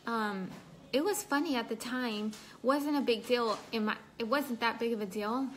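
A woman's voice: fairly high pitch, normal speed. Chatty young woman livestreaming. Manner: chatty, reads viewer comments aloud. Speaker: livestream host. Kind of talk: casual livestream chat. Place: at home indoors.

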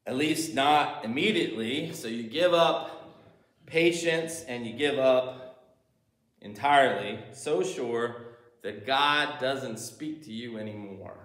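A man preaching a sermon, animated, shifting between loud emphasis and quiet asides. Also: medium pitch, takes it slowly, echoey room. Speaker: pastor.

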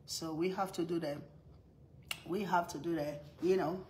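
A woman's voice: on the low side, steady tone, normal speed, a little mellow, a little hiss or hum, rough recording. A mother with a strong accent chatting casually on a live stream, laughing often and greeting viewers by name. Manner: strong non-native accent.

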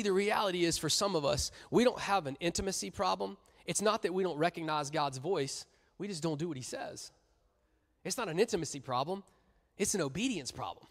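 A young-church preacher with a high voice, joking and animated as he talks to the room. His words carry long reverb through a large church hall. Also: fairly quick. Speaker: youth pastor. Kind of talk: sermon.

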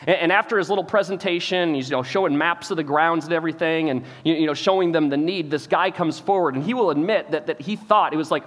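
A man's voice: a little high, fast talker, hardly any pauses. Man preaching with a long hall echo. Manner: animated retelling, acts out quoted lines, repeats words, says "like" often. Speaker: pastor. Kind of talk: sermon storytelling. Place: church auditorium.

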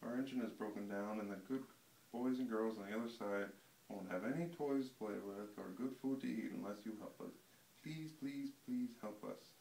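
A chorus of begging dolls and toys from a picture book, read out by a man in a gravelly voice. The voice echoes in a roomy space with faint background noise. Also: fairly low pitch, normal speed, a little mellow, far from the mic. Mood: pleading. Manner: pleading. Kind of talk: reading a picture book aloud.

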